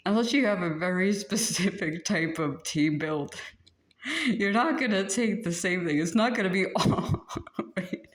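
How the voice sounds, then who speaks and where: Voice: medium pitch, a little slow. A tarot reader giving a casual spoken spiritual reading, rambling with many filler words and often breaking into giggles. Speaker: tarot reader channeling messages.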